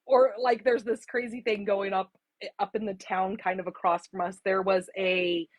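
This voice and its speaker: A woman's voice: medium pitch, level tone, moderate pace, no echo, rough recording. Chatty, emotional woman on a dry close mic. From Arizona, US. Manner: chatty, emotional, greets viewers by name. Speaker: craft livestream host. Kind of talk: casual livestream chat. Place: home craft room.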